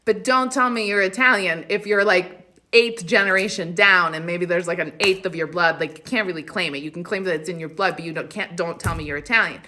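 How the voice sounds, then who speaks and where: A woman hosting a spiritual livestream, talking casually in a blunt, animated way. She swears freely and laughs often. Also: on the low side, fairly quick.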